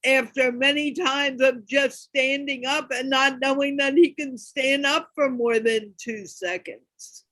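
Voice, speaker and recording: Woman host, high bright voice, slow earnest talk, dry close sound. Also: no echo, poor audio. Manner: earnest, exclaims when acting out examples. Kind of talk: casual talk show chat.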